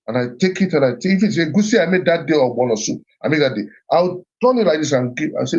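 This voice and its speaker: Speaking quickly and expressively, a middle-aged man from Nigeria gives a motivational talk on his live stream. He's earnest, frequently restarting and repeating, in a fairly high, darkish voice captured with lo-fi sound.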